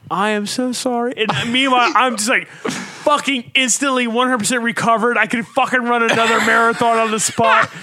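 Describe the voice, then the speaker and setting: A man telling a story in casual chat, profane and animated, with shouted outbursts. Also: extremely high pitch, dry recording. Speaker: podcast co-host.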